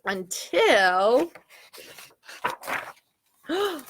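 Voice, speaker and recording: Librarian lady doing story time, high voice, lots of ups and downs, asks the kids questions. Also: a little slow, long pauses. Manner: animated, asks listeners questions, gasps at the story. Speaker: children's librarian. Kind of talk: reading picture books aloud to children.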